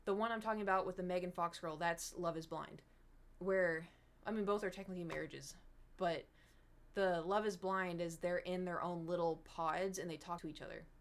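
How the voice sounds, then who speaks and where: A young woman chatting casually with viewers on a livestream, rambling and animated, slipping into mocking impressions. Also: fairly low pitch, moderate pace. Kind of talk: casual stream chat with viewers.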